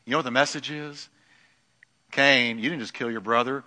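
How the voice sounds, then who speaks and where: A middle-aged man preaching a sermon in a church, swinging from loud declarations to hushed lines. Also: mid-range voice, fairly even intonation, normal speed. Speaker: pastor. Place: church sanctuary. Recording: long hall reverb.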